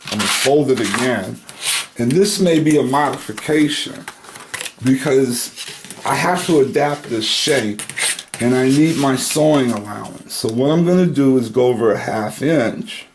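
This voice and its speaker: A man talks through a craft demonstration in an unhurried, easygoing way, narrating each step as he works. His pitch sits in an ordinary middle range, and faint background noise with light clicks runs under the recording. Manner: slow, relaxed, thinking aloud while cutting and pinning. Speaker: handbag-making instructor. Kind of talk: casual tutorial demonstration.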